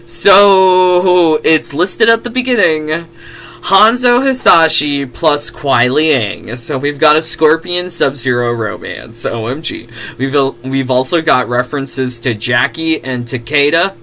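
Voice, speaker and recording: A man's voice: a little high, lively intonation, slow, pushed and bright, slight background noise. A giggly man who laughs often, reading fan fiction aloud with casual comedic comments.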